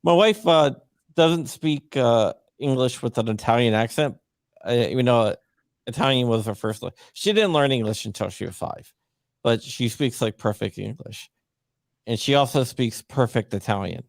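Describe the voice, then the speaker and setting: A man with a gravelly, fry-edged voice hosts a casual talk show. He tells stories in an easygoing way, recorded dry and close with no room sound. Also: mid-range voice, animated, moderate pace, no echo. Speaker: host. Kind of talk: casual chat.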